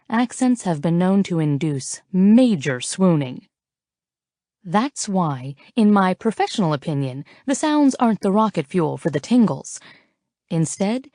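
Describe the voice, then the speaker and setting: A woman's voice: mid-range voice, a little mellow, dry recording, clean studio sound. A woman narrating a first-person romance audiobook in a playful, flirty, teasing way, as if recorded in a booth.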